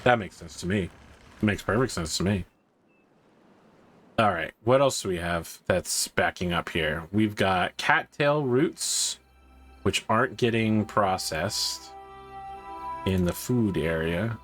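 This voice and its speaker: Low-voiced man chatting over gameplay. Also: slow pace, soft background music. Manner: chatty, thinking aloud, rising when excited. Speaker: gaming streamer. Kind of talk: casual gameplay commentary.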